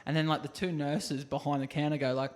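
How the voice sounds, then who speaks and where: Aussie bloke on a podcast, telling a funny hospital story, does voices and sound effects. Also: male voice, fairly high pitch, little pitch movement, a little fast. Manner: jokey, acts out quotes with sound effects. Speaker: podcast co-host. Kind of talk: casual storytelling chat.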